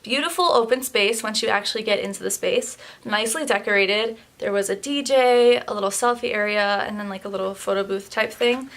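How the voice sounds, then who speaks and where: A woman's voice: medium pitch, a little fast, few pauses, fairly bright tone. A young woman chatting casually to camera in a beauty vlog, candid and a little tired, with plenty of fillers. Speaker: beauty vlogger.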